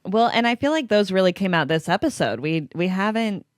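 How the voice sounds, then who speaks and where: A woman hosting a podcast, recapping a TV episode in casual chat as an excited fan who laughs and exclaims often. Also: mid-range voice, fairly quick, no room sound, clean studio sound. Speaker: podcast host.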